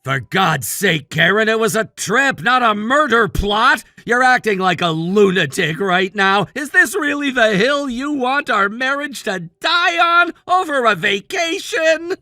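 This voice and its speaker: A man's voice: very high-pitched, animated, unhurried, hardly any pauses, pushed and bright, no echo, clean studio sound, soft background music, heavily acted. A man playing an exasperated scolding husband. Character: exasperated middle-aged husband, dismissive. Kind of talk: text-message story voice acting.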